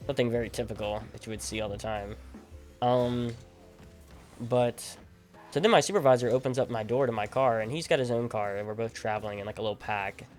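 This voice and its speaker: A man's voice: mid-range voice, a little fast, faint music behind. Rambling young man telling a story. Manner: rambling, animated storytelling with many fillers and restarts. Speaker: gaming streamer. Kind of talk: casual storytelling over gameplay. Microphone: desk microphone at a gaming setup.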